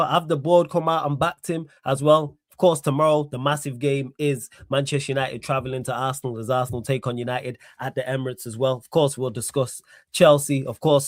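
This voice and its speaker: A man hosting a live football talk stream, energetic and full of street-slang shout-outs to his viewers. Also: mid-range voice, no echo, clean studio sound. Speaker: host.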